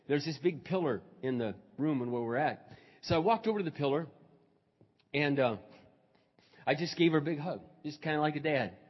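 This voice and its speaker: A male pastor preaching a sermon, moving from quiet storytelling to loud, fervent preaching. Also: fairly high pitch. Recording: dull recording in a reverberant hall.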